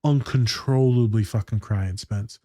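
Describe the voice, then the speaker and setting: A man with a dark, mellow voice talks loosely and swears freely, sliding into stories from his own life. He is recorded close and dry, with almost no room sound. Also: fairly low pitch, unhurried, no echo. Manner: profane, slangy, storytelling. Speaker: podcast co-host and school therapist. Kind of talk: casual chat reacting to a TV scene.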